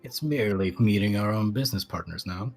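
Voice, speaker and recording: A man playing a tabletop game, speaking in character in a mock formal, smooth-talking way. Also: on the low side, brisk. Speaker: player. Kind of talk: in-character role-play.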